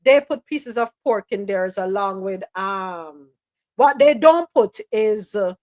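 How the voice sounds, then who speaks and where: A woman, co-hosting a relaxed live chat show and dropping patois phrases. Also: mid-range voice, slow pace, rough recording. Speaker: co-host. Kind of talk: casual chat on a live stream.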